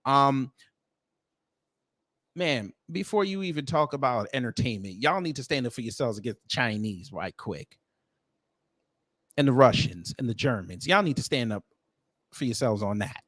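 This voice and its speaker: A man's voice: mid-range voice, a bit bright, dry recording. An American man doing reaction commentary with a sarcastic, incredulous, slangy delivery. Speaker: commentary vlogger.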